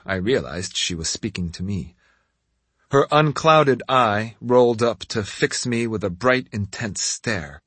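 A man with a husky voice narrating a story in the first person, measured and expressive. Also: lowish voice, no echo. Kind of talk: scripted audiobook narration.

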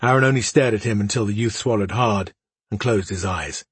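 A man narrating a fantasy story as an audiobook, measured and dramatic, often dropping to a hush. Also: on the low side, breathy edge, dry recording.

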